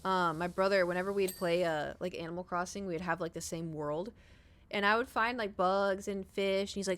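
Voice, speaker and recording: This female streamer has a lowish voice and talks a little fast, chatting as she plays. Her storytelling is rambling, animated, and full of profanity.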